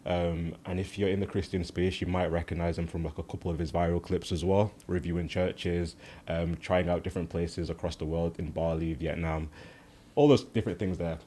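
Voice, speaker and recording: Man, podcast host, very low voice, friendly and laid-back, faint room hiss. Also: steady tone, brisk, dark tone. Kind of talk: casual podcast hosting.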